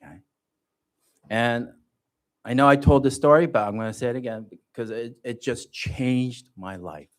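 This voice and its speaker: A man giving a personal testimony at a church livestream, telling his story in an animated way and joking about himself. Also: medium pitch, normal speed. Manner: animated storytelling, self-joking, laughs often. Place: church gathering.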